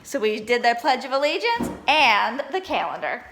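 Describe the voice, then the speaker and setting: A woman teaching an online lesson to young children, encouraging them and sounding out words slowly. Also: fairly high pitch, big pitch swings, music in the background.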